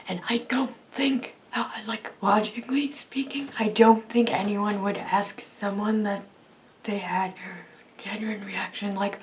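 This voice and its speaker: A young woman with a raspy, breathy voice chatting casually in a vlog, rambling and cutting herself off with frequent laughs. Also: medium pitch, fairly even intonation, unhurried, a little hiss or hum. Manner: rambling, self-interrupting, laughs often. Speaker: YouTuber.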